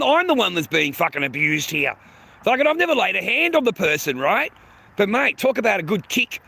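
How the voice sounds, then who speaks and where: Profane, high-voiced man ranting to his stream. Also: gravelly, bright, forceful tone. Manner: profane, blunt, repeats himself, addresses viewers as mate and bro. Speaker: livestream host. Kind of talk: casual livestream rant to chat.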